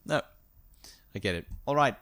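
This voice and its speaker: A man's voice: medium pitch, animated, moderate pace, fairly bright tone. A man co-hosting a casual podcast chat, teasing and joking with his partner. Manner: teasing, jokey. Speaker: podcast co-host.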